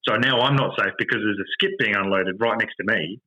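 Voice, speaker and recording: An Australian man hosting a podcast, telling a story in an animated, exasperated rant with lots of swearing. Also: on the low side, fairly quick, slightly rough, poor audio. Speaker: podcast host. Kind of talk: casual storytelling chat.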